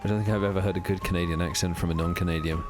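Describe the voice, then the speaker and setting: A man streams a game live, racing through his talk in a low, steady-toned voice while music plays in the background. He rambles casually with many fillers, reading and answering viewers' chat questions as he plays.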